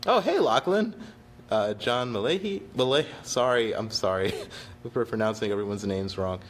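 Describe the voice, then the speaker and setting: A man's voice: mid-range voice, animated, normal speed, roomy sound. A man teaching on a casual livestream, chatty and laid-back, laughing often and apologizing freely. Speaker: percussion instructor on a livestream.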